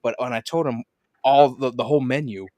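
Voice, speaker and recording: A man hosting a podcast in casual chat, an animated storyteller who swears and laughs often. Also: mid-range voice, fairly quick, dry recording. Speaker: podcast host.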